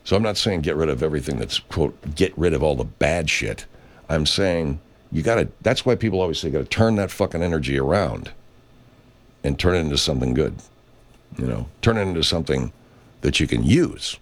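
A man's voice: very deep voice, lively intonation, brisk. A middle-aged man hosting a podcast, musing in a casual, rambling monologue full of swearing and restarts. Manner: rambling, profane, many restarts. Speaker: podcast host.

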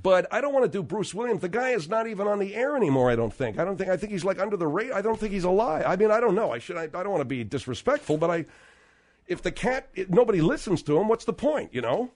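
A man's voice: sits high, very animated, fast, darkish tone. A man hosting a talk show, ranting in a blunt, profane, combative way.

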